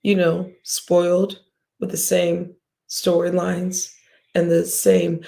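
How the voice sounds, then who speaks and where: A woman's voice: fairly low pitch, steady tone, slow, creaky, warm tone. A woman hosting a livestream, ranting bluntly and profanely at her viewers with scoffs and sighs. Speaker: livestream host.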